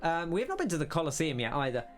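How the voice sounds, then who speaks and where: A man's voice: fairly high pitch, wildly swooping pitch, very fast, faint music behind. A young man casually commenting while playing a game, musing aloud and rambling as he thinks through what he sees. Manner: musing, rambling, self-interrupting. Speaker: let's play host.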